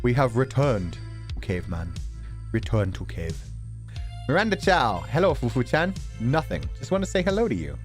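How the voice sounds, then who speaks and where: A man's voice: mid-range voice, big pitch swings, normal speed, faint music behind. A man streamer in a casual chat, reading out donation messages, playful with words and swearing casually.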